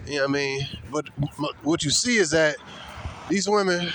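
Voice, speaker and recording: A man's voice: mid-range voice, normal speed, fairly bright tone, a little hiss or hum. A man giving a blunt, slangy, scornful ranting commentary. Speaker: commentary vlogger.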